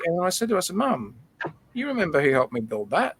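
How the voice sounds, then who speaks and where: A man's voice: fairly high pitch, expressive, fast, fairly bright tone, slightly rough. Man telling a heartfelt story. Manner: emotional storytelling, repeats words. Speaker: livestream host. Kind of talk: casual chat.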